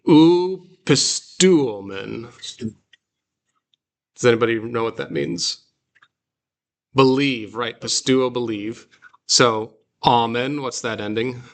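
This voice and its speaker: A man teaching a guided reading class, explaining slowly and patiently with fillers and restarts. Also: mid-range voice. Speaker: Greek teacher.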